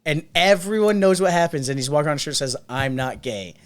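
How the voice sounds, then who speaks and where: Podcast co-host, male, slightly higher voice, animated storyteller who jumps into character voices. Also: rapid-fire. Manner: animated, acts out quotes in other voices. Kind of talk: casual storytelling chat.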